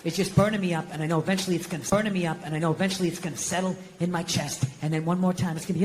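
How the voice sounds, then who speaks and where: A man's voice: on the high side, fairly even intonation, racing, few pauses, a little hiss or hum. A man doing stand-up comedy with a Boston accent, ranting through a profane story on a stage mic in front of a live audience.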